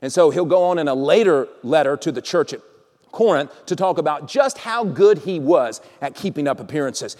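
A man preaching a sermon as pastor, animated, swinging between loud calls and hushed lines. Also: on the high side, moderate pace. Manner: animated, acts out quotes with sudden loud and soft swings. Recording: long reverb of a large hall.

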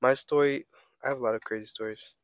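Quick and steady in tone, this mid-range male voice belongs to a young podcast co-host who rambles through stories and curses freely in casual chat. Crowd noise sits in the background.

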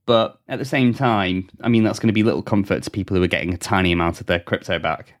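A man's voice: low-pitched, steady tone, quick pace. A man co-hosting a casual news podcast, reading stories and often breaking into giggles. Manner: keeps breaking into laughter. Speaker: podcast co-host.

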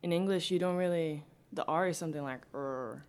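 A woman's voice: lowish voice, steady tone, fast, darkish tone, clean tone. A young woman from Antwerp with a Flemish accent, chatting casually as a guest and laughing often as she explains. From Belgium (Antwerp). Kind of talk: casual chat.

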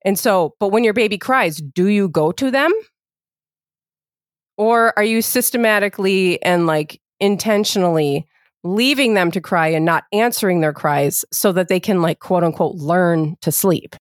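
A woman's voice: fairly low pitch, no echo. Chatty woman explaining, dry sound. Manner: chatty, explains with quick asides and many fillers. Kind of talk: casual chat about parenting.

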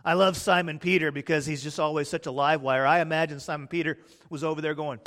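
A man preaching a sermon, swinging from hushed, drawn-out words to loud, excited bursts as he acts out the disciples' panic. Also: a little high, big-room sound.

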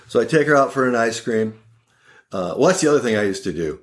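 A low-ish male voice from a fast talker. The speaker, an oral surgeon of roughly sixty, shares funny stories about his family as a podcast interviewee, animated and wryly laughing while he does other people's voices.

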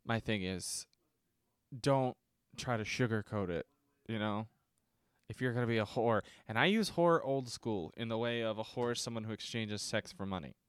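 A man hosts a casual solo podcast reviewing movies, seated at a desk mic and speaking from notes. He rambles, swears freely, and keeps restarting sentences amid frequent fillers. His voice is on the low side at normal speed, clean in tone, with a dry, studio-quality recording.

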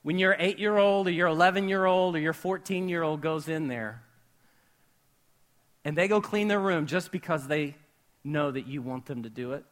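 Speaking at normal speed, a pastor delivers a sermon to a live church audience in a high, bright voice. His animated, friendly style mixes jokes with questions to the room, and he builds to shouts on the words that matter most.

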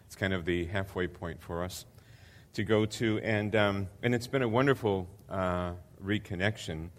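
A man's voice: deep voice, normal speed. An older man preaching as a visiting pastor, earnest and hesitant with many fillers, building to emphatic repetition. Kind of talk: sermon.

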